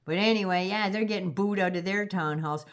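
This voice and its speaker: A woman's voice: medium pitch, fairly quick. An older woman with a Canadian accent ranting on her vlog, profane, sarcastic and mocking. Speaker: vlogger.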